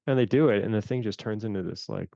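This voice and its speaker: Low gravelly guy from canada, chatty, keeps acting out what he thought, kinda muffled dry sound. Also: fast talker, no room sound. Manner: animated, acts out his own reactions in quotes. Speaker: fund manager guest. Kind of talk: casual interview storytelling.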